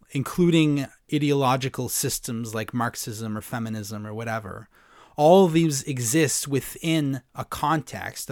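Measured man probing, dry close sound. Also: mid-range voice, no room sound. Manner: probing, measured, pushes back on points. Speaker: interviewer. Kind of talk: casual conversation.

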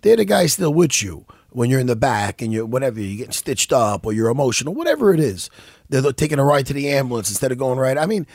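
Gravelly, rambling man swearing casually. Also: medium pitch, very animated, quick pace, darkish tone, no room sound, clean studio sound. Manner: rambling, swears often, many restarts. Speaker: podcast co-host. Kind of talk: casual profane chat.

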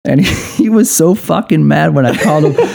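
A man's voice: fairly high pitch, lively intonation, normal speed, creaky, a little mellow. A man in his thirties from Cleveland, telling a profane, laughing story in casual podcast chat. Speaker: podcast guest, coffee company co-founder.

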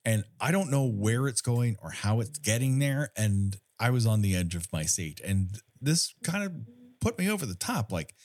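A man's voice: fairly low pitch, big pitch swings, normal speed, a little mellow. A man co-hosting a casual movie recap podcast, wry and joking, with casual swearing and frequent laughs. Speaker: podcast co-host.

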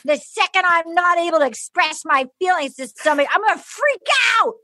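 A woman's voice: extremely high pitch, fairly quick. A woman hosting a podcast, recapping a dating show in casual comic chat and acting out quotes. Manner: animated, acts out quotes in mock voices. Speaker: podcast host.

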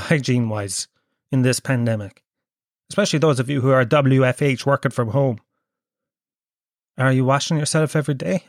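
Here a young Irish man from Kerry hosts his podcast while under the weather with a cold, delivering a rambling, self-mocking, profanity-laced comedic monologue. The medium-pitched voice is recorded dry, at studio quality.

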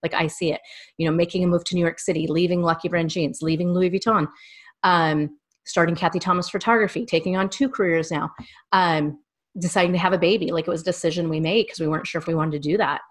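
A woman's voice: on the low side, steady tone, fast. A woman in her thirties, a guest in a casual interview, telling long, rambling personal stories. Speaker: small business owner and guest.

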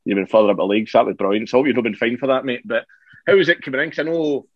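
Guy firing off interview questions super fast, dull lo-fi sound. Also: medium pitch, no echo. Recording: dull lo-fi line.

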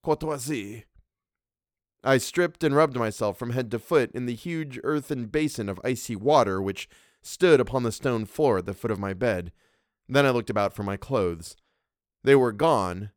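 A man reading a classic story aloud as a podcast narrator, with measured, even storytelling. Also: mid-range voice, no echo, clean studio sound.

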